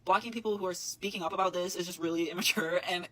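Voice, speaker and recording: Rapid-fire indignant social media commentator. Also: medium pitch, steady tone, a bit bright, poor audio. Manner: rattles through quotes, scoffing laughs, blunt and indignant. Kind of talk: fast spoken commentary video.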